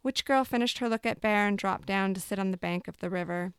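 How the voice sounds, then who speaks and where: Lady reading a dark fairy tale out loud, calm and even, nice smooth voice. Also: mid-range voice, brisk, no room sound, clean studio sound. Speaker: storyteller. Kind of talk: storytelling, reading a dark fable aloud.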